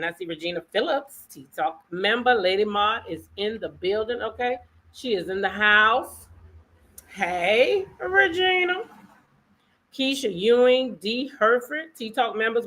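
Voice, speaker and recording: A woman with a mid-range voice that sounds a little hoarse hosts a casual live stream. She chats loosely with her audience and greets each viewer by name as they arrive. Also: medium pitch, a bit bright. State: voice a bit hoarse. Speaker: livestream host.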